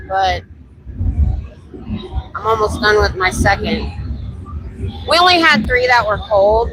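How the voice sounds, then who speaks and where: A woman's voice: medium pitch, background noise. Chatty woman livestreaming on a street. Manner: chatty, rambling, talks to passersby. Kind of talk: casual chat on a livestream. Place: city street at night, outdoors.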